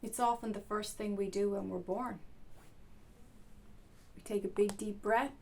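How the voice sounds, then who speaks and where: Woman coach, mid-pitched with a gravelly texture, gentle and reflective delivery. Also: fairly even intonation, measured pace. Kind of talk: reflective talk to camera.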